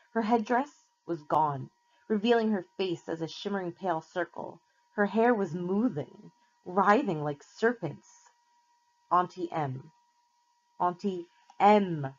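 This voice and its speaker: A woman teacher reading a novel aloud to her class in a steady, plain storytelling way. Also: on the low side, moderate pace. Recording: slightly muffled lo-fi recording.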